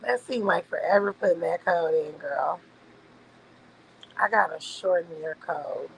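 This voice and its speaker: A woman's voice: lowish voice, measured pace, creaky, a little hiss or hum, poor audio. A woman hosting a casual livestream, chatting loosely with her viewers and swearing freely. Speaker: livestream host. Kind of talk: casual late-night livestream chat.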